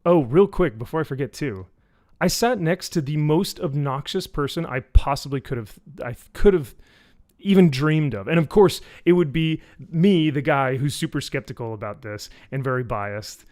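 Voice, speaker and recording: A man in a casual live-stream review, talking in a sarcastic, animated way with many fillers. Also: normal speed. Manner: animated, sarcastic, many fillers, mimics people with high voices. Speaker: YouTube reviewer.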